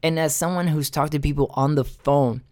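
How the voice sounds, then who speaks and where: A man's voice: a little high, fairly even intonation, moderate pace, darkish tone, dry recording, clean studio sound. A man hosting a casual monologue, rambling with slang and frequent swearing. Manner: rambling, profane, street slang.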